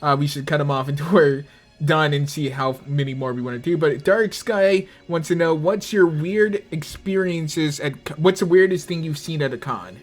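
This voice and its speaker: A man's voice: on the high side, normal speed, faint music behind. Hesitant man reading listener questions. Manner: hesitant, lots of filler. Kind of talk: casual chat.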